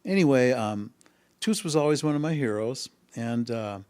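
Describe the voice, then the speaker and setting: A man who is a musician, guest on an interview podcast in a music school studio, telling a long story with many pauses and hesitations. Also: medium pitch, lively intonation, darkish tone. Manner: rambling, with frequent hesitations. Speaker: musician guest, harmonica and bass player.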